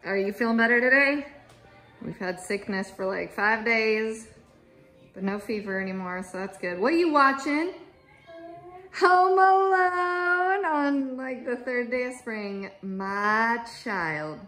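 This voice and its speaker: A woman's voice: on the high side, expressive, a little slow, bright, forceful tone, soft background music. A woman chatting casually to the camera at home, affectionate with her pets and talkative about her day. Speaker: homesteading family vlogger. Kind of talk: casual vlog chat.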